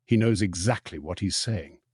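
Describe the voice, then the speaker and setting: A man's voice: sits low, normal speed, darkish tone, breathy edge, dry recording, studio quality. Man doing a wry teenage boy. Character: cheeky teenage boy, one of twins.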